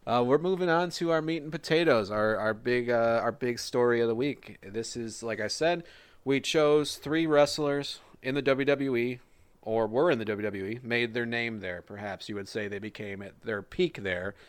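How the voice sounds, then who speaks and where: A man's voice: medium pitch, normal speed, smooth, dry recording. A man co-hosting a casual wrestling podcast, joking and swearing as he rambles through predictions. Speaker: podcast co-host.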